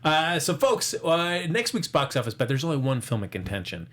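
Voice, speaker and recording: A man's voice: a little high, very animated, moderate pace, fairly bright tone. A man hosting a casual box office chat, rambling through the figures with lots of fillers and jokes. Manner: rambling, filler-heavy, joking. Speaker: host.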